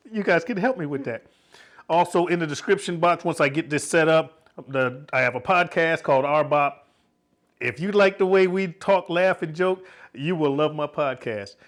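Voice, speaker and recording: A middle-aged man chats loosely through his home cooking vlog, joking and laughing between thoughts. His voice sits slightly high for a man. He sounds easygoing and unhurried. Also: fairly bright tone. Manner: laid-back, jokey, laughs often. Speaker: cooking channel host. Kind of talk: casual cooking vlog chat.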